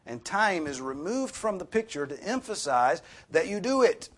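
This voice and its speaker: Husky pastor preaching with lively pitch. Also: male voice, normal speed. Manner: earnest preaching, rising emphatically on key points. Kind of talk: sermon.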